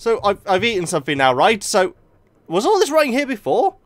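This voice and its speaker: A young man hosting a let's play, excitably talking to himself and the game. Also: high-pitched, fairly quick, no echo. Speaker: gaming video host.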